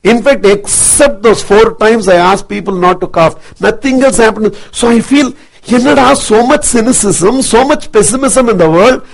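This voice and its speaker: Intense high-pitched man speaking. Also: moderate pace, vocal fry, rough recording. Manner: intense, forceful, repetitive rhetoric. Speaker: motivational speaker. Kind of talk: impassioned speech to an audience.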